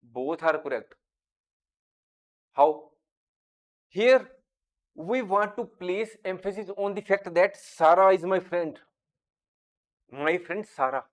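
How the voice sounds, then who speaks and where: Guy teaching grammar, kinda high voice, slow careful explaining. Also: animated. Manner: deliberate, reads example sentences slowly. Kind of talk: grammar lesson.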